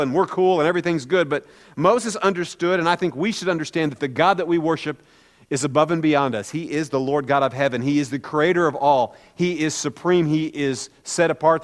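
A man's voice: a little high, in a large hall. A man preaching a conversational sermon as a pastor, telling a story informally with many "kind of" hedges.

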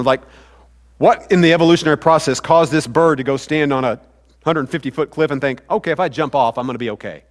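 A man preaching a sermon to his congregation in a conversational way, often asking the room questions. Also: mid-range voice. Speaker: pastor. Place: church sanctuary. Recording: hall reverb.

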